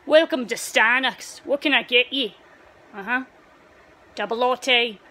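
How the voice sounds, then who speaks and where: Woman with a high voice, doing skits. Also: sharp tone, rough recording. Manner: plays several characters in quick short exchanges. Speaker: comedy sketch performer. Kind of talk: comedic skit dialogue.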